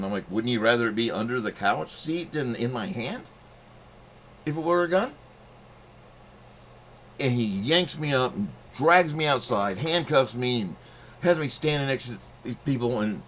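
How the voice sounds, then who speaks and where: A man's voice: medium pitch, animated, moderate pace, fairly bright tone, slight background noise. A middle-aged man telling a rambling, profane story in casual monologue, acting out quotes in a raised voice. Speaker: channel host telling a story.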